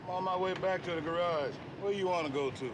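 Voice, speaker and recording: A man's voice: high voice, fast talker, noisy background, lightly acted. An actor playing a nervous male taxi driver who talks in a hurry, from an old film.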